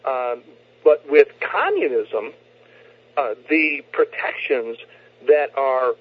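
Husky man lecturing over a phone line. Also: medium pitch, lively intonation, slow. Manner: lecturing, argumentative, repeats words. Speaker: radio show guest. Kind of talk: talk radio discussion. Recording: tinny, dry phone line.

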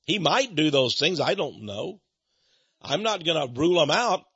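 A man's voice: a little high, sing-song, normal speed, fairly bright tone, slightly rough, no room sound, muffled recording. A man preaching a televangelist sermon in a folksy, emphatic way, repeating his key lines and appealing for donations.

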